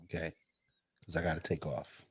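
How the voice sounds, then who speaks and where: A man co-hosting a podcast in casual chat, loud, blunt and profane. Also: very deep voice, flat delivery, moderate pace, slightly rough. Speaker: podcast co-host.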